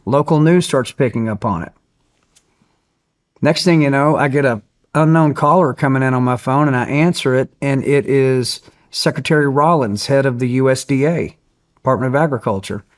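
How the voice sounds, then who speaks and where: A man guest telling a story in casual conversation, animated and acting out the people he quotes. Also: medium pitch, normal speed. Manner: animated, acts out quoted voices.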